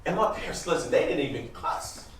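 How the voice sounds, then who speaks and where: A man's voice: a little high, big pitch swings, a little fast, a little hiss or hum. An American man in his fifties telling a personal story on a live stage, speaking conversationally and with emphasis, and addressing the audience directly. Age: 50s. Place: live event venue, large room. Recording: echoey hall, voice heard from a distance.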